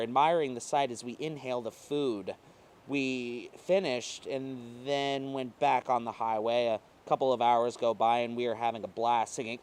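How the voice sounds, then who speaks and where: A man reading a first-person short story aloud, emotive and swinging between quiet passages and intense ones. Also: medium pitch. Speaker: reader.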